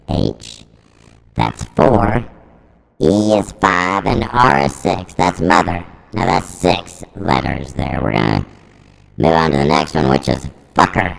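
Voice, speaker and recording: A man speaks through a voice transformer that drops him to an extremely deep, heavily gravelly register. He does a comic bit, counting out letters at a slow, deliberate pace. The recording has a long reverb tail. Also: animated. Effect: voice transformer pitched far down. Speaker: comedian. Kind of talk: comic bit spelling out words.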